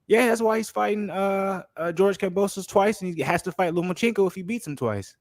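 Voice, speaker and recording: A man co-hosting a casual podcast chat, explaining things in a rapid, emphatic way. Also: high-pitched, no echo, clean studio sound. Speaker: podcast co-host.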